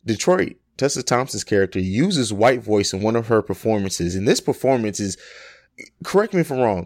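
Low-voiced man hosting a podcast. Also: darkish tone, no echo, studio quality. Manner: asks questions, playful teasing. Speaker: podcast host. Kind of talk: casual chat.

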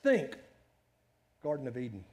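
In a medium-pitched voice and at a slightly slow pace, a middle-aged pastor preaches with animated, conversational energy and plenty of rhetorical questions.

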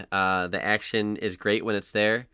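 Male podcast co-host, bright and fairly low, dry close sound, rambling casual talk. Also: steady tone, a little slow, clean tone, no echo. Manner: loose, rambling, lots of fillers and restarts. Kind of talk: casual chat.

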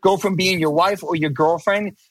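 Middle-aged man, high voice, dry close sound, swears a lot, rambling casual chat. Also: fairly even intonation, normal speed, no room sound. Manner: emphatic, profane, rambling with restarts. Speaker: podcast guest.

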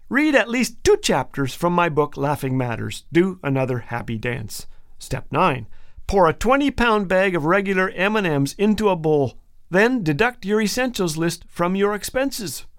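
A man's voice: high voice, no room sound, studio quality. A man hosting a radio show, delivering a scripted humorous monologue in a playful, joking way and chuckling at his own lines.

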